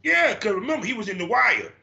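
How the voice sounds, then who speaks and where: A man hosting a podcast in casual chat, animated and profane, acting out his own reactions. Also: high voice, fast, gravelly, highs cut off. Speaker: podcast host.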